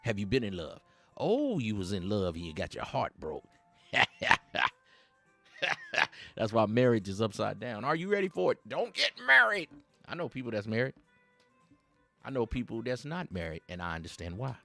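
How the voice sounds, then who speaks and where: A man's voice: lowish voice, very animated, normal speed, creaky, pushed and bright, faint music behind. A man hosting a satirical dating-advice monologue, talking in streetwise slang and rambling like a preacher, chuckling between his points. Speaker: host.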